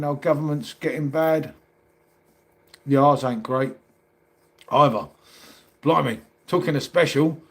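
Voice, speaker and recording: A middle-aged man with a London accent, chatting casually on a livestream and reading out comments, calling everyone mate. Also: on the high side. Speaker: livestream host.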